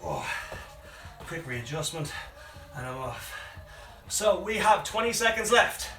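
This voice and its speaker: Man, out-of-breath fitness coach, high voice, roomy room, distant mic, faint music behind. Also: very animated, slow pace. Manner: encouraging, counts down reps aloud. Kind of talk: live workout instruction with counting.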